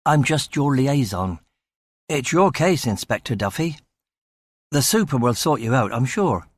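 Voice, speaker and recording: A man's voice: medium pitch, sing-song, unhurried, slightly rough, no room sound. A man voicing a young, eager and talkative male police constable in a crime audiobook, breezy and upbeat. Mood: chatty.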